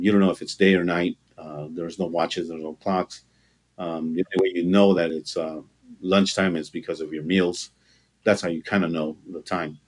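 Low-voiced man telling his testimony. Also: darkish tone. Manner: halting, with frequent fillers and restarts; earnest, with occasional laughter. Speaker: interview guest. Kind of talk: personal testimony in conversation.

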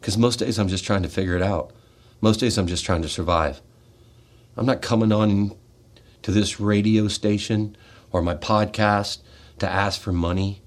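An American man, a military veteran, delivering a fervent, confrontational monologue in a radio studio, swinging from loud outbursts to quiet, heavy asides. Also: on the low side, fairly even intonation, moderate pace.

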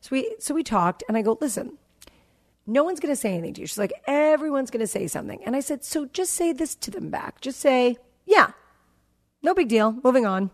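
A woman in her forties, hosting a podcast, shares a story about her kids in relaxed conversation and plays out their exchanges. Her voice is high-pitched, very animated and fairly quick.

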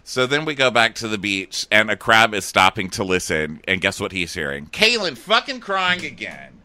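A man's voice: fairly low pitch, moderate pace. A man co-hosting a podcast, recapping a reality show in casual chat and acting out quotes. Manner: animated, acts out quotes, laughs often. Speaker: podcast co-host.

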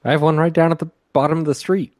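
A man chatting casually on a podcast, teasing and quick to laugh. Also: a little high, little pitch movement, darkish tone, dry recording, studio quality. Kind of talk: casual chat.

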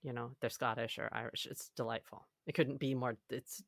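A woman's voice: very deep voice, steady tone, brisk, vocal fry, no echo, studio quality. A woman chatting as a podcast guest, talkative and laughing often. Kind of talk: casual chat.

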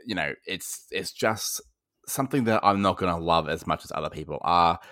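A man's voice: low voice, normal speed, sharp tone, no echo, studio quality. An Australian man hosting a casual film podcast, ranting animatedly and breaking into laughs. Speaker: podcast host.

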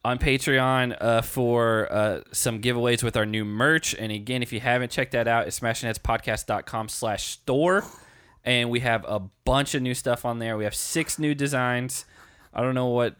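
A male podcast co-host talking casually at a middle pitch, his voice close and dry with no room sound. He rambles through plugs and announcements, stopping often on filler words. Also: steady tone, moderate pace, a bit bright, clear, resonant tone, no room sound.

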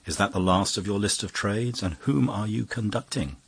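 Ironic, animated poet, deep husky voice, dry close sound, read by a man. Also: normal speed, dry recording.

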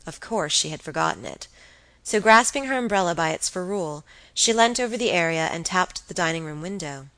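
A woman's voice: fairly low pitch, expressive, brisk, fairly bright tone, no room sound, low-quality recording. A woman narrating a classic novel as an audiobook reader, reading expressively.

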